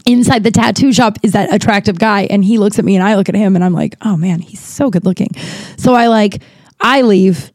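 Here a woman hosting a podcast wanders through a personal story, restarting often and leaning on fillers, speaking frankly with light swearing. Her medium-pitched voice is a little mellow and fairly quick, recorded dry.

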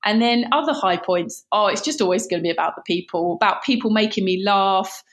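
A British woman, a barefoot runner appearing as an interview guest, tells stories in an animated, chatty way full of restarts and laughs. Her voice is medium-pitched and brisk.

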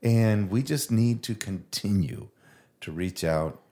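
Female co-host, remarkably deep register, earnest and encouraging, loose and conversational. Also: expressive, slow pace, warm tone. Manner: earnest and encouraging, with many fillers. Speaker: podcast co-host. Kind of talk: faith-based casual chat.

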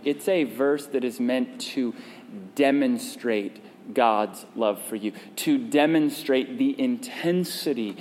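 A man's voice: mid-range voice, a little mellow, big-room sound. A male pastor preaching a conversational sermon and prompting the congregation to respond. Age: adult parent.

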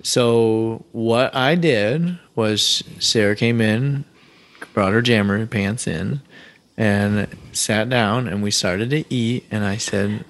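A man co-hosting a casual couples podcast, talking in a measured, explanatory way and retelling conversations step by step. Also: fairly low pitch. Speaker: podcast co-host.

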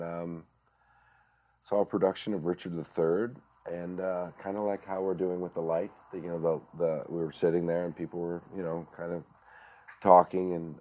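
Guest: middle-aged man with a very deep voice, halting and reflective, lots of fillers. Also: a little mellow. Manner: halting, many fillers and restarts. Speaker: guest, director and actor. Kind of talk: reflective storytelling.

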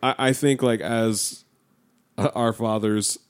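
A man's voice: fairly low pitch, fairly even intonation, takes it slowly, clear, resonant tone. A man talking in a casual podcast chat, rambling and hesitant, often repeating his words.

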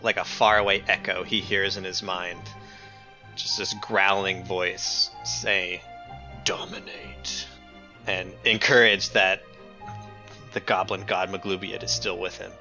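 A man playing a tabletop game, describing his character's actions slowly and searching for words. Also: on the low side, sharp tone, muffled recording. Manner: slow, searching, lots of "like". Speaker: player.

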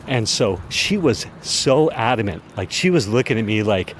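A man with a fairly low voice spins a casual, animated story for his podcast audience. He chuckles now and then as he talks, with a faint hum of noise behind him. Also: moderate pace, hardly any pauses. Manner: animated, chuckling anecdote teller. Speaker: podcast host.

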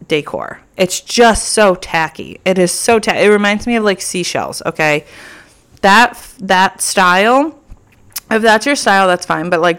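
Young female podcaster, solo casual chat, petty and playful, sits a little low in pitch. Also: fairly bright tone, smooth. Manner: chatty, playfully petty, lots of filler "like". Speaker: podcast host.

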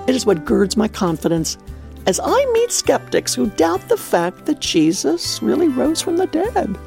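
A woman's voice: fairly high pitch, gravelly, dark tone. A woman hosting a devotional radio talk, telling a story and preaching in a heartfelt, exclamatory way.

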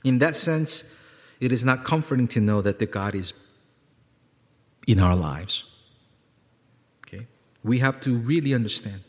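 A male pastor preaching a sermon, emphatic and repetitive, swinging from loud peaks to quiet lows and calling on the congregation to respond. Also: unhurried, pauses often. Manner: repeats words for emphasis, asks congregation to respond. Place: church sanctuary. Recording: long hall reverb.

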